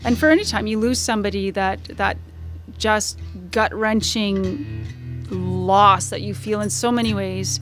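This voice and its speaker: A woman's voice: medium pitch, unhurried. A woman singer-songwriter chatting onstage between songs at a live concert, losing and finding her train of thought. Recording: live concert recording with music underneath. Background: guitar playing.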